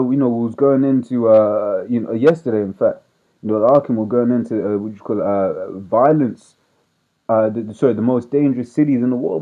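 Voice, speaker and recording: A man reads scripture and then unpacks it in a loose, rambling way, tagging nearly every point with "right?". His voice sits in an ordinary middle pitch. The audio is narrow and tinny, like a phone line. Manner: rambling, conversational, peppers speech with "right?". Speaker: street preacher. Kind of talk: casual scripture teaching.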